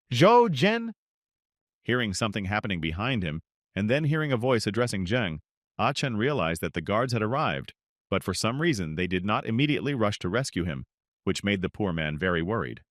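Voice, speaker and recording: A man narrating a story recap in a steady, scripted storytelling style. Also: on the low side, no echo, clean studio sound.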